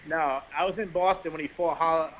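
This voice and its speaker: A man's voice: a little high, fairly even intonation, normal speed, a crowd in the background. A man co-hosting a sports podcast, arguing emphatically in heated sports talk. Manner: emphatic, argumentative. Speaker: podcast co-host. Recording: dull lo-fi podcast audio.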